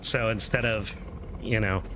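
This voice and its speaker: A man streaming a horror game, chatting casually and relaxed, with some swearing. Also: lowish voice, unhurried, background noise. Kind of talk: casual gameplay commentary. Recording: game music underneath.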